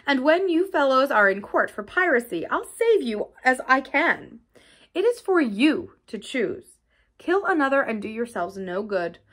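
A defiant young boy, read by a woman, bright and lively. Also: high-pitched, heavily acted. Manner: impassioned, defiant declaiming. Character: brave defiant teenage boy. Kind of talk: audiobook character reading.

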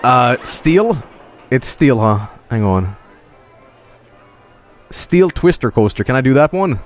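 A man streaming a game, commentating casually and excitably, swearing often and laughing a lot. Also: medium pitch, slow, soft background music.

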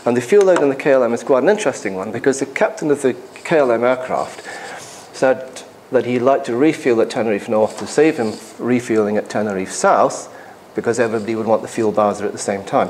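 A man's voice: on the low side, darkish tone, a little hiss or hum. A man, an airline pilot, giving a conversational and emphatic conference presentation in a hall, with asides to the audience.

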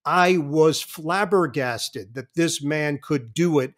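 A sportscaster in his fifties, a guest on an interview show, telling vivid, animated stories. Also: on the high side, slow. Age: 50s. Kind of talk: anecdotal interview talk.

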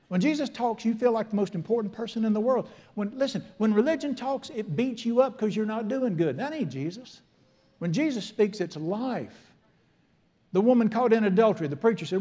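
A man's voice: high-pitched, mellow. A middle-aged man, preaching a folksy, emphatic sermon as a pastor in a church. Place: church sanctuary.

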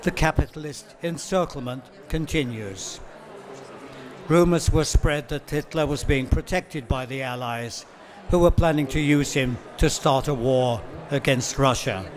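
Man translator giving a measured talk. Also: medium pitch. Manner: measured reading, occasional ums and self-corrections. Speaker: literary translator. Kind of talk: book-fair talk with read excerpts.

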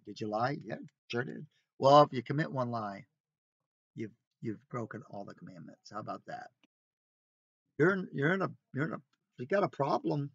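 A man's voice: medium pitch, vocal fry, dry recording. A man leading an informal Bible study, speaking conversationally with rhetorical questions and emphatic asides. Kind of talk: informal sermon. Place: recreational vehicle. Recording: dry, dull lo-fi sound.

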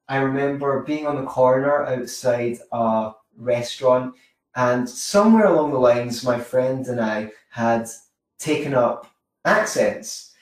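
Chatty man in a very echoey room. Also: medium pitch. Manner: chatty, rambling, with anecdotes and self-corrections. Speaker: social skills coach. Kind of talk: informal teaching monologue. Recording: very echoey room, mic far off.

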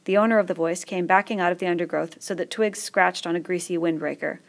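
Woman reading a novel out loud, low pitch, lots of vocal fry, steady measured narrating. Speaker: audiobook reader. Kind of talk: scripted narration.

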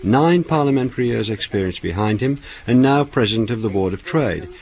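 A man presenting a radio documentary, narrating and interviewing in a measured, clear way. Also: medium pitch, animated, darkish tone.

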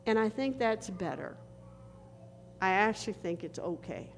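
A woman pastor preaching a sermon in a church, slow and earnest, with dramatic pauses. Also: mid-range voice, lively intonation, faint music behind. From northern United States. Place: church sanctuary. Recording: reverberant church hall with faint noise.

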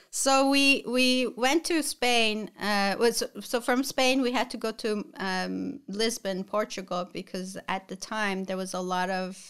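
A middle-aged woman from the Middle East, a guest telling her personal story in an interview, animated and often picking the thread back up with "so anyways". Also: mid-range voice, clear, resonant tone. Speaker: guest, florist and talk show host.

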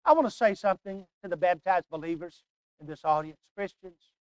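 An older man preaching a sermon, emphatic and repetitive, swinging from hushed asides to loud declarations. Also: high voice, brisk, clean tone, no room sound.

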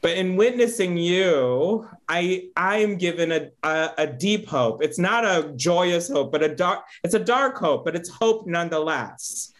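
A man's voice: high voice, animated, a little slow, few pauses, fairly bright tone. A man hosting a reflective interview, speaking earnestly and searchingly, often tagging his thoughts with "right?". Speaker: host.

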